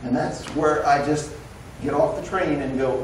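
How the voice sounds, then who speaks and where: A male pastor giving a conversational sermon, telling the story in an animated way and acting out the quoted dialogue. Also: on the high side, measured pace, a little hiss or hum. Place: church sanctuary. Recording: roomy echo, recorded from a distance.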